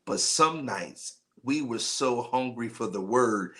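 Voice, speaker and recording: A man hosting a men's night livestream as a pastor, talking slowly and loosely with many fillers and greeting viewers by name. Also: mid-range voice, lively intonation, fairly bright tone. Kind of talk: casual livestream talk and preaching.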